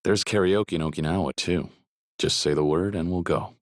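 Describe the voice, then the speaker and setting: An actor playing a stoic, kind middle-aged ex-yakuza in a video game, speaking plainly and steadily. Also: male voice, normal speed, dry recording, studio quality. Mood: calm. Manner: plainspoken, steady, low-key.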